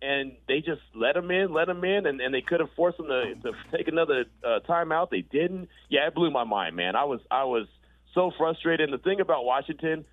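A man talking sports as a regular guest, animated and quick, his voice jumping up when he gets excited. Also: a little high, no echo. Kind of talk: casual sports talk. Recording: tinny phone-line call.

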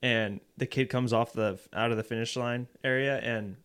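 A man on a podcast who shoots videos, telling stories in a lively, casual way. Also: medium pitch, normal speed, smooth.

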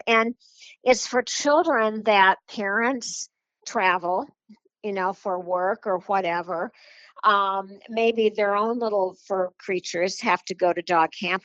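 A woman's voice: mid-range voice, fairly bright tone, dry recording. Chatty woman author, dull dry sound. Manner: chatty and rambling, with fillers and little laughs. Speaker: children's book author. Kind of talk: casual interview talk.

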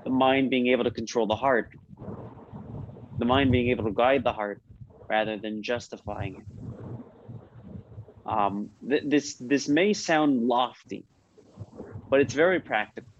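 In an unhurried way, with long pauses and fairly even intonation, a rabbi at medium pitch leads a class. He tells stories informally, frequently restarting and quizzing his listeners. Faint noise and slight muffling mark the recording.

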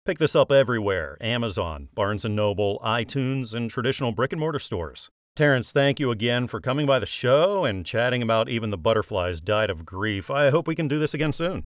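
A man with a mid-range voice who hosts an interview show, asking calm questions and introducing books. The sound is dry and close, with no room echo. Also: mid-range voice, a little fast, few pauses. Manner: calm, prompts with soft hums. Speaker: radio show host. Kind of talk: interview hosting.

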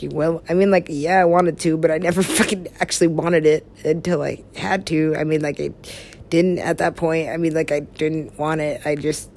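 A woman rambles in a loose, unhurried way, her voice sitting fairly low. She giggles often, swears freely and lets sentences trail away into mumbled half-words. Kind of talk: rambling casual talk.

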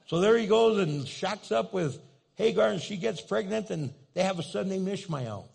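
High-voiced, gravelly pastor preaching. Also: male voice, lively intonation, normal speed, darkish tone. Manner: humorous storytelling with rhetorical questions. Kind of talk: sermon. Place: church.

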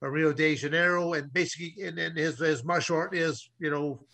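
Bright-voiced man telling a long story. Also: fairly high pitch, steady tone, fairly quick. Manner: rambling, restarts often. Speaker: co-host. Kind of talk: casual storytelling.

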